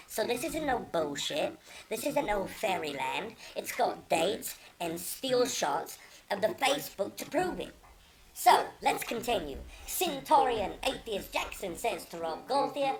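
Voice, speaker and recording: A woman's voice: mid-range voice, very animated, a little slow, crowd noise. Profane, mocking woman vlogger. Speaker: channel host. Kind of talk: indignant commentary reading out messages.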